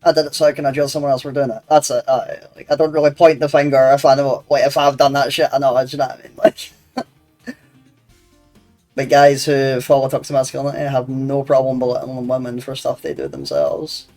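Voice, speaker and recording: A man's voice: medium pitch, flat delivery, fairly quick, darkish tone. A young man, streaming a game and bantering crudely with his chat, rambling and laughing often. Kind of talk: casual gaming stream chat. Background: faint game music.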